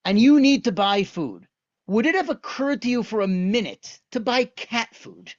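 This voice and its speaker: Animated man teaching with rhetorical questions. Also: extremely high pitch, normal speed, dry recording, highs cut off. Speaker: lecturer on Jewish texts. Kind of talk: online lesson.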